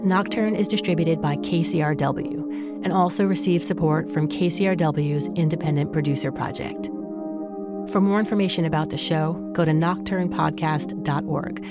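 A woman narrates a podcast in a calm, measured, scripted way. Her voice is very low for a woman. Loud instrumental music plays under her.

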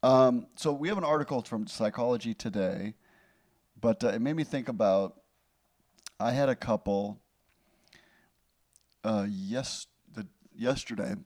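A man who is a comedian and podcast co-host, talking in a relaxed, affectionate, chatty way. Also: medium pitch, measured pace, pauses often. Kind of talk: casual podcast chat.

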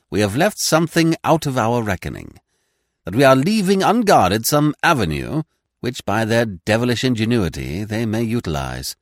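A man narrating a classic detective story as an audiobook, voicing every character with lively expression. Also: mid-range voice, normal speed, dry recording, studio quality. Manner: reads all characters in one voice, lively and expressive.

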